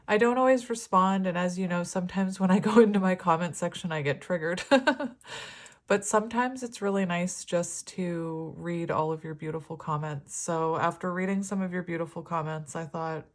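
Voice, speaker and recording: A woman giving a casual, rambling tarot reading, chatting warmly and laughing often. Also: fairly low pitch. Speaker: tarot reader.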